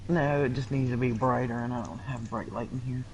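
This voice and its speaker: A man chatting casually in an animated, exclaiming way. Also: medium pitch, a little fast, vocal fry, slight background noise, rough recording. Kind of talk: casual chat looking through old photo negatives.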